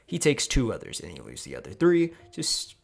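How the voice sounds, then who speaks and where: A man's voice: on the low side, wildly swooping pitch, fairly quick, vocal fry, faint music behind. A man casually narrating a fan story, crude and rambling, swearing often. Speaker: YouTube storyteller.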